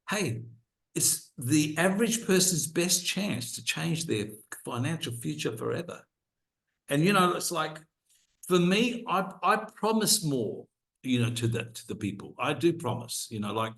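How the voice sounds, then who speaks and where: A man's voice: medium pitch, a bit bright. A middle-aged man coaching his team on a video call, earnest and promising, with frequent restarts. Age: 40s or older. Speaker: co-host, business coach. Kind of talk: motivational call talk.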